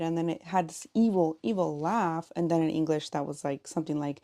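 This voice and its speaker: Woman, podcaster, hesitant casual storytelling, mellow tone. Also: fairly low pitch, fairly even intonation, normal speed, hardly any pauses. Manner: hesitant, unsure.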